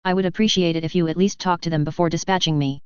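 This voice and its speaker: Woman reading a cultured, calm man fixer. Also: fairly low pitch, fast, clean tone, no room sound, muffled recording, close to an everyday voice. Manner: calm, formal and courteous.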